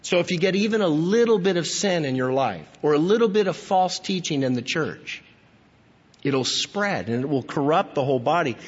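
A man's voice: on the high side, expressive, moderate pace, husky, long reverb tail, highs cut off. A male pastor preaching earnestly and emphatically, reading scripture and asking rhetorical questions.

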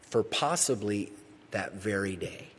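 A man preaching a sermon as pastor. He is emphatic, repeats key phrases and builds to loud peaks. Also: lowish voice, lively intonation, measured pace, slight background noise. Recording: long reverb of a large hall.

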